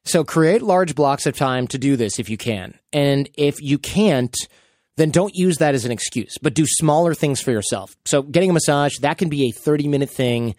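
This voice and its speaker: In clean studio sound without echo, a podcast host in his thirties speaks at normal speed in a voice on the high side. He chats casually and brings his stories to life by acting out the quotes.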